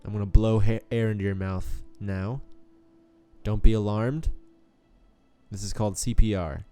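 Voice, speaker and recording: A man's voice: on the low side, normal speed, mellow, clear, resonant tone, soft background music. A man hosting a let's play, chatting casually through his gameplay in a playful, joking way that swings into mock melodrama.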